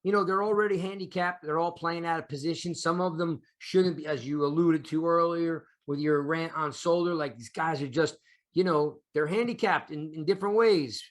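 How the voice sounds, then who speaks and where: A man's voice: fairly high pitch, moderate pace. A man hosting a casual sports podcast, talking in a rambling way with many restarts. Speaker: podcast host.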